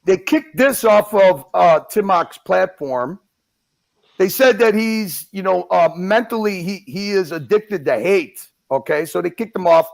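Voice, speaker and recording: Give me a man with a high, gravelly voice and a lot of fry, lecturing hard on a livestream. He is forceful and profane, and he drives his point home. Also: measured pace. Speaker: livestream guest. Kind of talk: heated livestream commentary.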